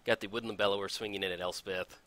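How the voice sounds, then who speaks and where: A man giving casual commentary over a card game as he plays, excitable and chatty, laughing often and poking fun at his own mistakes. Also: on the low side, fast. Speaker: gameplay commentator.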